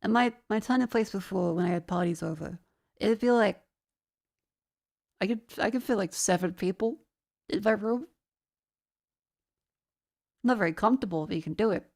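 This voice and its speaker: A woman's voice: mid-range voice, moderate pace, gravelly, long pauses, a little mellow. A woman streaming in casual, sweary chat, with a sinus infection. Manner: casual and sweary, laughs often.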